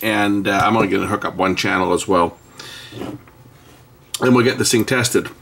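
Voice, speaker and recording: A middle-aged man casually demonstrating an electronics board, relaxed and explanatory with frequent pauses and fillers. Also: on the low side, vocal fry, a little hiss or hum. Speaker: electronics hobbyist channel host. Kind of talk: casual hands-on product demo.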